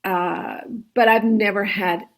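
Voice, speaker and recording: A chatty woman speaks as a guest in a relaxed interview, laughing easily and tagging her points with "right?". Her voice sits in an ordinary middle range. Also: mid-range voice, takes it slowly. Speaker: guest, solo travel expert. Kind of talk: conversational interview.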